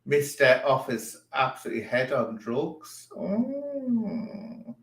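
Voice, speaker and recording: A man's voice: medium pitch, expressive, a little slow. A man talks over a video in a mocking, theatrical way, laying the sarcasm on thick. His voice sits in the middle range and bounces around a roomy, echoey space. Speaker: streamer reacting to a video. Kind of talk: mocking reaction commentary.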